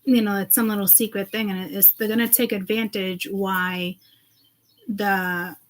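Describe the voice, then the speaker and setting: A woman's voice: mid-range voice, flat delivery, normal speed, poor audio. A woman speaking to her viewers in a loose, rambling monologue, agitated and swearing freely. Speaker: self-described seeress.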